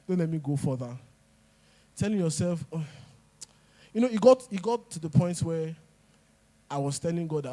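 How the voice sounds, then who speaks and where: Emphatic man, dark voice. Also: on the high side, expressive, moderate pace, pauses often. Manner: emphatic, repeats lines, pidgin asides. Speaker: speaker. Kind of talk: motivational talk.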